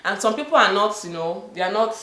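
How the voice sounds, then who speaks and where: Woman, nigerian accent, mid pitch, emphatic storyteller, laughs a lot, echoey room. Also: expressive, fast talker, bright, forceful tone. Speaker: guest. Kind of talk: casual chat. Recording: roomy echo.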